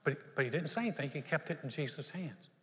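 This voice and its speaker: A man's voice: on the high side, fast, a bit bright, in a large hall. A man preaching a sermon as pastor, telling a Bible story and acting out its people. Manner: storytelling, acts out the Bible characters.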